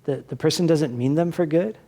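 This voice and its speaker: A man's voice: on the high side, a little fast, mellow. A man preaching as pastor at a church service, earnest and exhorting, often restarting his words. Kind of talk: sermon.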